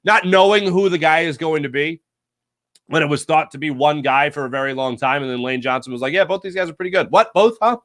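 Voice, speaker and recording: A man's voice: on the high side, brisk, fairly bright tone, no echo, studio quality. A man hosting a casual sports talk stream, reading viewer comments aloud and reacting in a rambling, jokey, self-correcting way. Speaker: sports talk show host.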